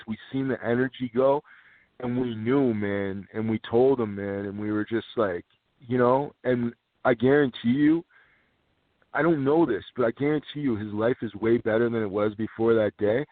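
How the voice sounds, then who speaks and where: A man's voice: medium pitch, no room sound. Podcast guest, man from Canada, emphatic storyteller, dry and tinny, phone-like. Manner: emphatic, swears freely. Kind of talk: casual storytelling.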